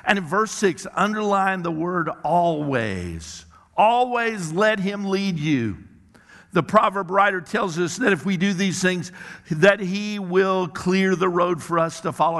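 A male pastor preaching a sermon in a church, emphatic and slowing down to stress key words. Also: medium pitch, fairly bright tone. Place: church worship center. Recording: long hall reverb.

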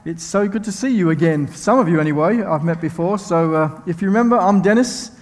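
Man, London accent, preacher, fairly high voice, long church-hall reverb. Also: brisk. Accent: English, London. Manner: chatty, self-mocking, many ums and restarts. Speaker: visiting preacher. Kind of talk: sermon with friendly asides. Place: church sanctuary.

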